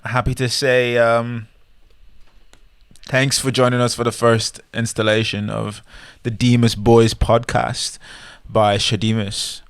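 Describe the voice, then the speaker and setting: A man's voice: medium pitch, level tone, takes it slowly, smooth, no room sound. A man co-hosting a podcast, speaking earnestly in casual chat, hesitating with frequent ums. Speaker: podcast co-host.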